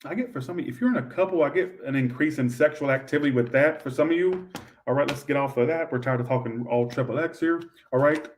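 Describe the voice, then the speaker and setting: A man doing a live tarot reading, blunt and profane, breaking into loud outbursts now and then. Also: medium pitch, quick pace, recorded from a distance. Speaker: tarot reader.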